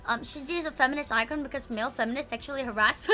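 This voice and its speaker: A woman's voice: high-pitched, rapid-fire, sharp tone, soft background music. A woman streamer in casual livestream chat, rambling, swearing a lot and breaking into giggles.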